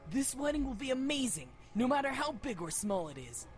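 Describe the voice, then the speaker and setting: A woman's voice: sits high, big pitch swings, fairly quick, soft background music. A woman reading a sweet, eager younger brother. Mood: cheerful.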